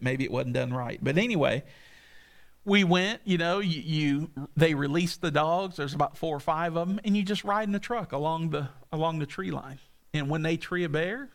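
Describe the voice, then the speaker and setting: A man's voice: fairly high pitch, gravelly. A middle-aged man preaching a sermon, telling folksy stories and checking in with listeners with frequent asides. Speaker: pastor.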